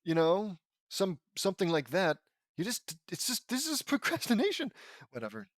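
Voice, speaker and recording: A man's voice: sits high, wildly swooping pitch, normal speed, no echo, clean studio sound. A man reading fan fiction aloud and breaking off with profane, sarcastic, rambling commentary. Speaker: audiobook reader and commentator.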